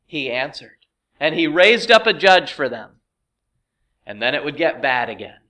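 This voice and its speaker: A middle-aged man preaching a sermon in a bright, forceful voice that sits a little high. He builds with rhetorical questions and acts out quoted voices as he goes. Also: very animated, a little slow. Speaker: pastor.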